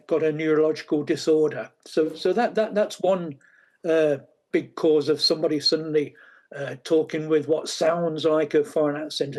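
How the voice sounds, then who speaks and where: A guest expert with a slightly high, somewhat mellow voice gives explanatory interview answers. He's halting, full of fillers and restarts.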